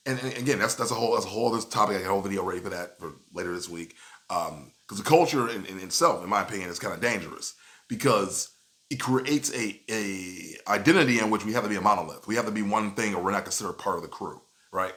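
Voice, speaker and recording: Male vlogger for casual commentary, animated and chatty, with a bright, forceful tone. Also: fairly low pitch. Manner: animated, with frequent "you know what I'm saying". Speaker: video commentator.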